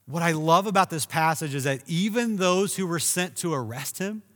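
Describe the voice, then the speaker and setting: A man preaching a sermon, telling a story with animated emphasis and raising his voice for key moments. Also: a little high, normal speed, in a large hall. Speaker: pastor.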